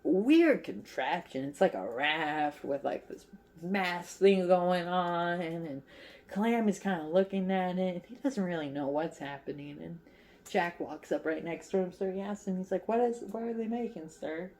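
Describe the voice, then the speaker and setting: This host speaks in a lowish, slightly mellow voice at a moderate pace. While running her crochet channel, she casually walks through a movie she loves, rambling with lots of fillers and playfully performing the characters' dialogue.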